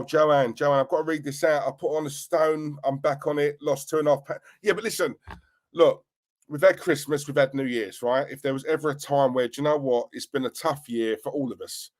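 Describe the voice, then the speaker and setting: A middle-aged man, casually chatting on a livestream and giving loud shout-outs to his viewers. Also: on the high side. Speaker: livestream host.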